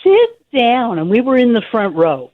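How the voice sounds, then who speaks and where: A woman's voice: on the high side, big pitch swings, normal speed. A woman calls in to a radio show and argues her opinion with firm passion. Her voice comes through a narrow, tinny phone line. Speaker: caller.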